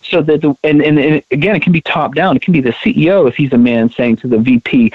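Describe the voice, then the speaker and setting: A man's voice: a little high, quick pace, hardly any pauses, husky, dry recording. Earnest man on a tinny phone line. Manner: earnest and emphatic, with many repeated words as he restarts. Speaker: interview guest, co-founder of a women's leadership project. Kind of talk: conversational interview.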